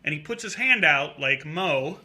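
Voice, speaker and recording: A middle-aged male comedian telling a story in casual talk, acting out a drunk heckler in a high voice. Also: lively intonation, measured pace, sharp tone. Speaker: comedian guest.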